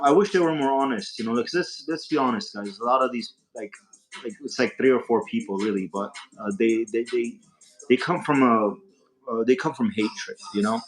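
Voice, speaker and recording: A man's voice: medium pitch, moderate pace, poor audio. A man hosting a casual livestream from a lounge, rambling with lots of fillers and restarts. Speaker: livestream host. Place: hookah lounge.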